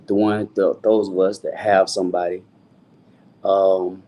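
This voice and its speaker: A man's voice: deep voice, little pitch movement, unhurried, dark tone. A middle-aged man, a singer talking loosely in an interview and filling his talk with "you know what I'm saying". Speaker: guest singer.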